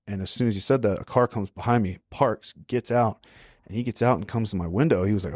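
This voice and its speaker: A young adult man with a low voice tells his stories in a casual, laid-back way, checking in with "right?" as he goes. The sound is close and dry, with no room around it. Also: steady tone, brisk, no room sound. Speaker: podcast guest. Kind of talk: casual storytelling.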